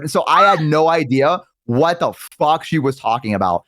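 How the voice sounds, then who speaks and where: A young man in casual chat, telling excitable stories and acting out his friends in quick high voices. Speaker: guest. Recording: live stream.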